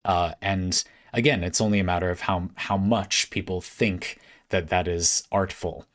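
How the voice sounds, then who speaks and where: A man with a fairly low voice talks to his webcam from a room at home, working through his ideas as he goes. He trips over restarts and fillers and throws in quick asides and short laughs. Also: steady tone. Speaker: host answering a viewer question. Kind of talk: casual spoken essay to camera.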